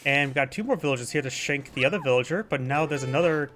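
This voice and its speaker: A man's voice: on the high side, fast talker, fairly bright tone, soft background music. A man giving casual, chatty play-by-play commentary on a strategy game match. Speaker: game caster.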